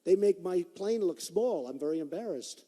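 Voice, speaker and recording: A political candidate giving an off-the-cuff campaign rally speech, emphatic and repetitive. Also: male voice, sits high, animated, normal speed, warm tone. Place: large indoor rally venue. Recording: long echo of a large hall.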